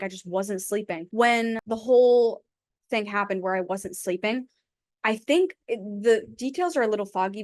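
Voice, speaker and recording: A woman's voice: medium pitch, no room sound, studio quality. A young woman hosting her own podcast, telling a personal story frankly in a casual, chatty way, with lots of "like". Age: young adult. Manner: chatty, heavy use of "like", frank. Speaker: podcast host. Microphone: own mic.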